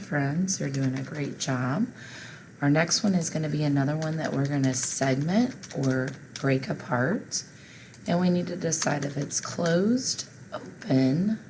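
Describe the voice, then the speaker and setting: A woman's voice: low-pitched, darkish tone, slight background noise, rough recording. A woman teacher leading a phonics spelling lesson for children, patient and encouraging.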